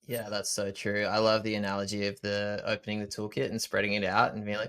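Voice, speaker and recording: Low-voiced man, thoughtful podcast host. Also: fast talker, clear, resonant tone. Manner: thoughtful, self-correcting, calm. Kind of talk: reflective conversational chat.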